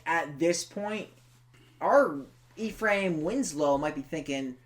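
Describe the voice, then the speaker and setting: A man co-hosting a podcast, chatting casually and excitably about a horror film and teasing his co-host. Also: fairly high pitch, slow. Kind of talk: casual film review chat.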